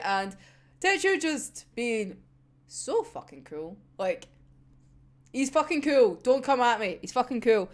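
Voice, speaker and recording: Woman reviewer for a casual episode talk: bouncy, swinging pitch, swears freely, laughs often.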